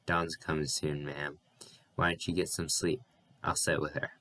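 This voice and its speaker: A man voicing a stout, kindly neighbour woman who talks in a brisk, friendly, coaxing way. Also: very deep voice, little pitch movement, pushed and bright, full character voice.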